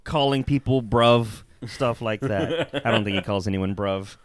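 A man co-hosting a casual movie review chat, talking in an animated way with lots of fillers, restarts and swearing. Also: fairly low pitch, unhurried, no room sound. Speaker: podcast co-host.

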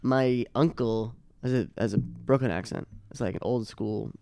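A man's voice: mid-range voice, moderate pace, creaky, mellow, dry recording. A young man from Boston hosting a casual podcast chat, rambling and laughing often. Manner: loose, laughing, rambling with many fillers. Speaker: podcast host.

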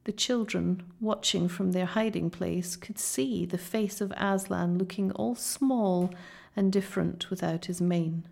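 A woman reading a children's novel aloud in a measured, dramatic storytelling manner. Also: on the low side, creaky, darkish tone. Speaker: audiobook narrator.

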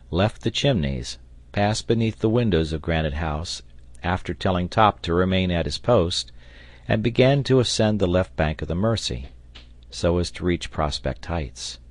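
A man narrating an audiobook in a steady, even storytelling manner on a close mic. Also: deep voice, dry recording. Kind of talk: scripted narration.

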